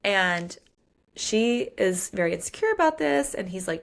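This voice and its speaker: During a casual book chat on a podcast, a female co-host with a medium-pitched voice and moderate pace gets candid and animated about a romance novel, playing out quotes from it.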